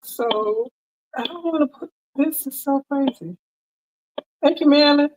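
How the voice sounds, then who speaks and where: Speaking a little slowly, this woman has a high-pitched, slightly mellow voice, though the recording quality is low. She hosts a casual sewing livestream on a headset mic, chatty and friendly, calling out to viewers by name.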